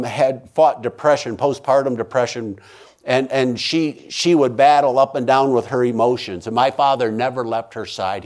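Intense preaching man telling a testimony. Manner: intense, swings from loud pleading to hushed low tones; repeats and restarts phrases for emphasis. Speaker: minister giving a testimony. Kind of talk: emotional testimony storytelling.

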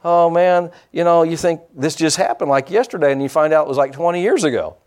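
Preaching with a fairly high, slightly mellow voice, this middle-aged pastor keeps his sermon folksy and blunt, tossing in quick asides that mimic the excuses people make.

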